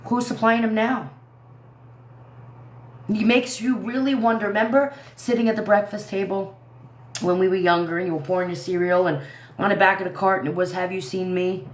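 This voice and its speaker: A woman's voice: mid-range voice, fairly even intonation, normal speed, echoey room. A woman in her thirties hosting a casual livestream, talking to her viewers in an indignant, rambling way. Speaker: livestream commentary host.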